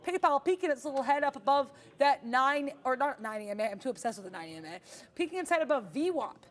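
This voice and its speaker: A woman's voice: high voice, expressive, fast. A woman co-hosting a live trading stream, talking candidly and chattily with playful bursts. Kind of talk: live market commentary.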